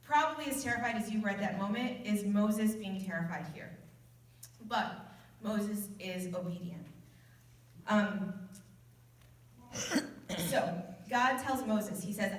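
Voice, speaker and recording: A woman's voice: medium pitch, unhurried, pauses often. A woman giving an informal youth sermon in an earnest, conversational way, often restarting her sentences. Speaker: youth group speaker. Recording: echoey room from a distance.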